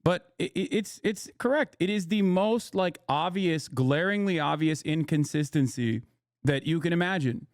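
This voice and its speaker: A man's voice: a little high, lively intonation, normal speed, no room sound, clean studio sound. A man giving casual livestream commentary on news clips, blunt and sarcastic, swearing freely and rambling through restarts. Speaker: streamer reacting to news clips.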